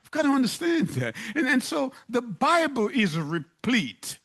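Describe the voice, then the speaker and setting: Slow, animated preacher man. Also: very high-pitched. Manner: emphatic preaching with rhetorical questions and scripture reading. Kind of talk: sermon.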